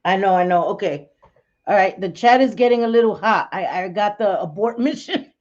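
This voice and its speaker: A woman hosting a casual livestream chat, talking bluntly and excitably, cursing and laughing often. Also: medium pitch, normal speed, muffled recording. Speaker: livestream host.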